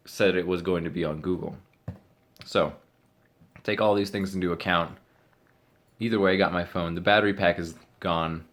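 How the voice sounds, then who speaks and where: A man's voice: low voice, a bit bright. A young man vlogging, casually retelling a story and acting out what other people said.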